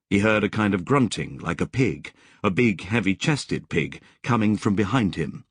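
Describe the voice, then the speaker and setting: A man narrating an audiobook in scripted, expressive storytelling with vivid description. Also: sits low, moderate pace, hardly any pauses, husky, dry recording, studio quality.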